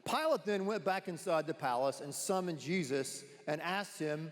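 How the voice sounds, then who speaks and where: A man's voice: on the high side, animated, moderate pace, hardly any pauses. A man pastor giving a sermon, chatty and playful, laughing easily as he brings up a volunteer. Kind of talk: sermon with live audience participation. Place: large church auditorium. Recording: long reverb of a large church hall.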